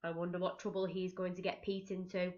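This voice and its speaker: A woman's voice: fairly low pitch, little pitch movement, a little fast, darkish tone, dull audio. A woman teaching young children, reading a picture book aloud expressively, gasping and asking them questions as she goes. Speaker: reception teacher.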